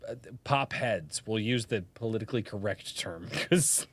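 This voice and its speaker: A man hosting a casual podcast, telling stories in an animated, profane way and acting out quotes. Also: fairly low pitch, moderate pace, dry recording. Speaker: podcast host.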